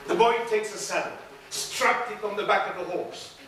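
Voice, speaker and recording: Solo stage storyteller, male, high voice, deliberate repeating cadence; roomy echo, from far. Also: fairly even intonation, a bit bright. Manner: slow, rhythmic, repeating phrases. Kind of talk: live solo storytelling performance. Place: large theater stage. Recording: echoey theater from far off, drums. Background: drums and percussion.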